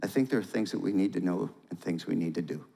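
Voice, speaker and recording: A male pastor giving a sermon, reading a storybook aloud in a dramatic, animated way and asking listeners to respond. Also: deep voice, quick pace, creaky. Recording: long hall reverb.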